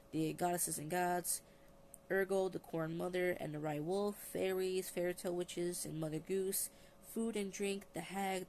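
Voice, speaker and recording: A woman's voice: fairly low pitch, a little mellow, slight background noise. A tired woman vlogger chatting casually about books, rambling with restarts and reading out long lists. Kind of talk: casual book review. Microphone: phone.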